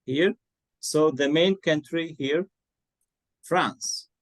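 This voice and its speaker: A man's voice: on the high side, lively intonation, slow, dry recording, low-quality recording. A man teaching an English lesson, patiently repeating words and spelling them out letter by letter. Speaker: English tutor. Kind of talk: online one-to-one English lesson.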